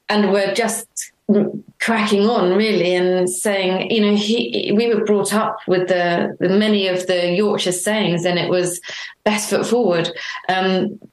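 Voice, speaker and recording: A middle-aged woman being interviewed, telling her story earnestly and warmly, acting out remembered dialogue. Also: mid-range voice. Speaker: interview guest. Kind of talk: reflective conversational interview. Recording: roomy echo.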